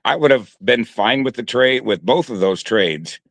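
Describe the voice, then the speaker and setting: A man's voice: mid-range voice, expressive, normal speed, a bit bright, no echo. A man co-hosting a sports talk show, talking casually and hesitantly with frequent restarts. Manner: hesitant, many restarts and fillers.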